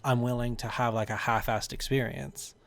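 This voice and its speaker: A man's voice: mid-range voice, fairly even intonation, moderate pace, creaky, over a noisy crowd. Easygoing man rambling in casual chat. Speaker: podcast co-host.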